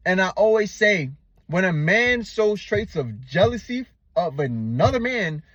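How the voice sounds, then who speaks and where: A man's voice: sits high, sing-song, measured pace, fairly bright tone, no echo, lo-fi sound. A man giving blunt, profane, slangy relationship advice to the camera, calling the viewer "man" and "bro". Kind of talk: unscripted advice monologue.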